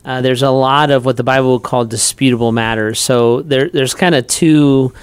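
A man with a smooth, resonant voice explains scripture on a casual podcast, working through his thoughts slowly. The sound is dry and close. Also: medium pitch, fairly even intonation, no room sound. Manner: thoughtful, measured, with fillers. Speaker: pastor and co-host. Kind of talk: casual faith podcast chat.

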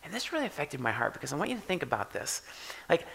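A man preaching a sermon in a conversational way, often checking in with "right?" and swinging from quiet to loud for emphasis. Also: on the high side, very animated, fast talker, vocal fry, husky. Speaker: pastor.

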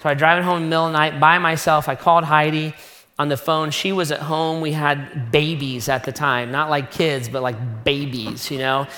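A middle-aged man preaching a sermon, telling a personal story in an animated, self-mocking way. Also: a little high, a little fast. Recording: long reverb of a large hall.

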